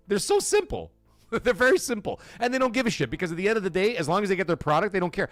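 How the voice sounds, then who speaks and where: A fired-up male host riffs on a live gaming stream, swearing freely and calling out chatters by name. His voice sits on the higher side and swings widely in pitch as he gets going, with faint music underneath. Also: wildly swooping pitch, quick pace, no echo. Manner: ranting, profane, greets chat by name.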